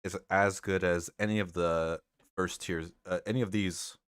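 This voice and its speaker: A man's voice: deep voice, fairly even intonation, normal speed, smooth, no room sound, clean studio sound. A man hosting a livestream reaction chat, rambling and hedging with easy laughs. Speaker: stream host.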